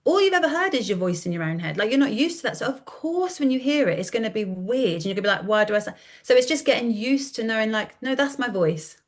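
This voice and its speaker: A woman in her thirties, a content coach talking in a casual podcast interview, chatty and animated, often acting out quoted dialogue. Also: a little high, fast, hardly any pauses. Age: 30s.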